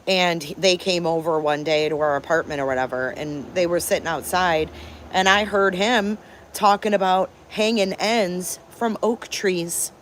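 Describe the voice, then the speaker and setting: There's slight background noise behind this lowish female voice. The speaker, a fifty-something channel host from Detroit, spins stories on her live stream with frank, profane emphasis.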